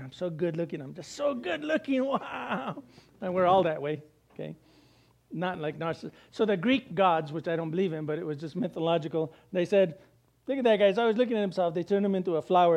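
A middle-aged man preaching a sermon, animated, with jokey asides and acted-out quotes. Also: sits high. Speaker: pastor.

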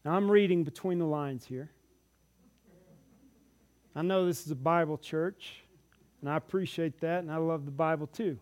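A man preaching a sermon in a church, retelling stories and acting out the characters' lines with animated delivery. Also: on the high side, moderate pace, pauses often. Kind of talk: sermon storytelling.

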